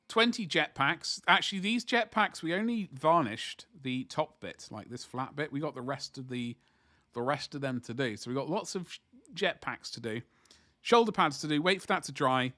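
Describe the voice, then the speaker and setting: A man's voice: fairly high pitch, lively intonation, normal speed, bright, forceful tone. A man chatting casually to viewers on a livestream as he paints miniatures, rambling and joking in asides.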